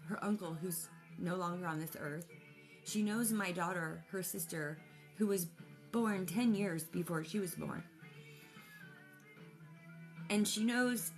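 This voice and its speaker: A mother telling a personal story casually, in an emotional, rambling way with many restarts. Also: lowish voice.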